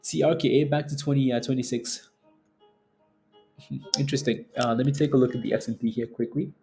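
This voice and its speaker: A man's voice: mid-range voice, steady tone, brisk, creaky, warm tone, faint music behind. Rambling male day-trading streamer. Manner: loose and rambling, full of fillers and "right?" tags. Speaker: day-trading livestream host. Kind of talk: casual live commentary reading chat.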